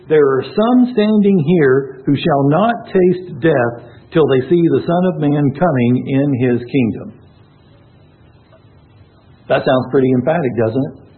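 Man teaching scripture over a thin line. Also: fairly high pitch. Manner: methodical, asks rhetorical questions. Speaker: Bible teacher. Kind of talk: expository Bible teaching. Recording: thin phone-like sound.

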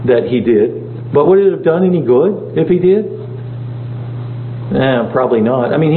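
A man teaches a Bible study in a relaxed, conversational way, often turning questions back to his group. His voice sits in the middle range. The recording is thin and phone-like, with a roomy echo and a faint hum underneath. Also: mid-range voice. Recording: echoey room, tinny phone-like sound, faint hum.

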